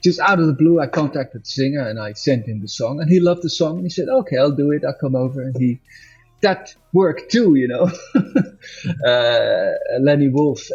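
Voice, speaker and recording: A man's voice: medium pitch, darkish tone, slightly rough. A man talking casually in an interview as a musician guest, rambling and correcting himself, laughing often. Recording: dull lo-fi audio with faint music.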